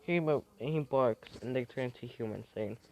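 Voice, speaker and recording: A man spins an improvised fan-fiction tale in a halting, hesitant way, inventing each turn as he goes. His voice sits at an ordinary middle pitch. A faint hiss runs underneath. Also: darkish tone. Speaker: storyteller.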